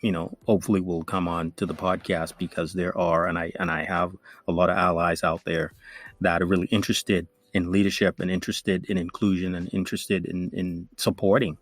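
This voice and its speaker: A man who hosts a podcast, speaking earnestly and warmly inviting guests to join. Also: sits low, level tone, fairly quick, no echo. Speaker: podcast host. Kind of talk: casual podcast chat.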